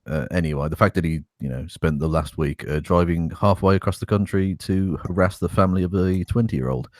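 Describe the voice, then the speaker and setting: A man's voice: low voice, brisk, a little mellow, dry recording, clean studio sound. A man co-hosting a casual podcast, reading a statement aloud with wry, sarcastic asides and swearing. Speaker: podcast co-host.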